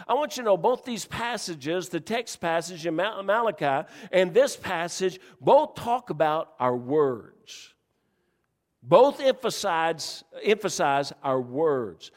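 A man's voice: high-pitched, very animated, slow pace, big-room sound. A man preaching a sermon, telling folksy stories and joking with his congregation. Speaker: pastor.

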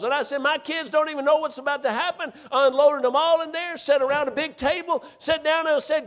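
A very high-voiced man talks fast and barely pauses as he preaches, sharing a personal story in a folksy, emphatic way and often starting over. It is a storytelling sermon recorded in a church sanctuary, with noticeable hall reverb.

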